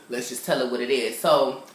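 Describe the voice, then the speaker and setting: A young man from California talks in a sassy, animated way, slipping into the characters as he recaps. His delivery is casual, like a chat with friends. The room around him rings with a noticeable echo. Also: mid-range voice, measured pace, slight background noise. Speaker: TV show reviewer. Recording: roomy echo.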